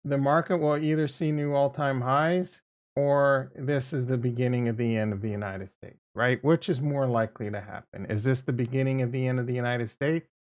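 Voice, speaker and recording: A man's voice: medium pitch, fairly even intonation, normal speed, darkish tone. A man giving casual market commentary as a video host, blunt and profane, repeating his points and getting exasperated. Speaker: crypto and stock market YouTuber.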